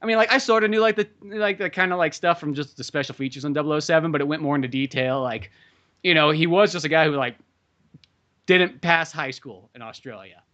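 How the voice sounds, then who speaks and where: Fast-talking bright-voiced male podcast host. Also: fairly high pitch, lo-fi sound. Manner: rambling, swears a lot, acts out quotes. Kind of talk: casual chat.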